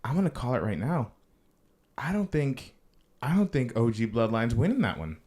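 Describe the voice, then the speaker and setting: A man's voice: mid-range voice, big pitch swings, moderate pace, a little mellow. A man co-hosting a podcast in casual chat, enthusiastic and joking, swearing casually. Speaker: podcast co-host.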